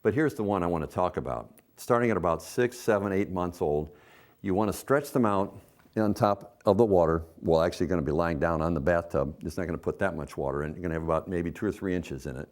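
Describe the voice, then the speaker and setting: A man's voice: low-pitched, fast. A middle-aged man, a swim instructor, giving folksy coaching tips in an instructional video. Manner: folksy, coaching, acts out a parent's sing-song counting.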